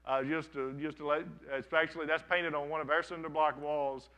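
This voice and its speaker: A man's voice: fairly high pitch, little pitch movement, a little fast, a bit bright, poor audio. A man in his thirties, a pastor, giving a conversational sermon to a congregation and telling stories with frequent restarts. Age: 30s. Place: church sanctuary, before a congregation.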